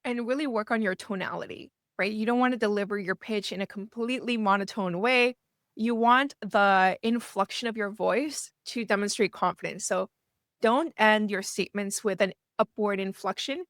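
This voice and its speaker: A woman's voice: mid-range voice, moderate pace, a bit bright, no room sound, clean studio sound. A woman who works as a fundraising consultant, giving a conversational lesson and often checking in with the listener with "right?". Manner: chatty, frequently checks in with "right?" and starts with "so". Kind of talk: conversational teaching talk to camera.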